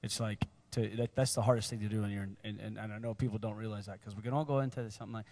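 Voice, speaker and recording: Excitable man chatting on a panel. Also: on the low side, racing. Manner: excitable, swearing, many restarts. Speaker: panel guest actor. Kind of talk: casual panel chat. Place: convention panel hall.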